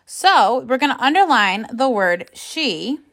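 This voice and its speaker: A woman teaching a phonics and grammar lesson to young children, speaking slowly and carefully in an encouraging classroom manner. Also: on the high side, sing-song, fairly bright tone.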